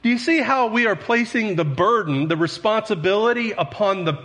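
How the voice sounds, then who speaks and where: A man's voice: high-pitched, expressive, normal speed, a bit bright. A man preaching as a pastor, earnest and conversational, with self-deprecating asides to his congregation. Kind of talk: sermon. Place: church sanctuary. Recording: long hall reverb.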